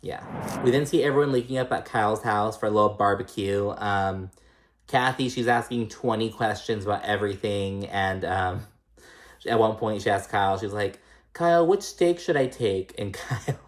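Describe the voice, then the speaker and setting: A man hosting a casual reality TV recap. He talks in a chatty, profane way and mimics the cast's lines in a higher pitch. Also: fairly even intonation, normal speed.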